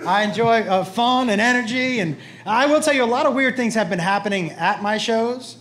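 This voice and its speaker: A middle-aged man doing stand-up comedy in a club, telling a story and acting out the people in it in quick voices. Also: extremely high pitch, slight background noise. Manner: animated, acts out his son and others in quick voices. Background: audience laughter.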